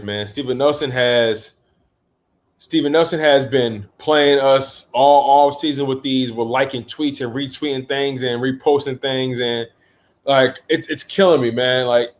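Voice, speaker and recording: A man in a mid-range voice hosts a casual fan livestream and talks through viewer comments as he goes. His delivery rambles, with repeated words, restarts and slangy asides. He sounds a touch drowsy throughout. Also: medium pitch. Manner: yawning and a bit sleepy. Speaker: host of a sports livestream.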